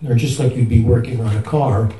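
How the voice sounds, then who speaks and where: A man asking a long, halting question at a retreat, often restarting and searching for his words. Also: medium pitch, fairly even intonation, warm tone, roomy sound, far from the mic, poor audio. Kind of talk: rambling spoken question.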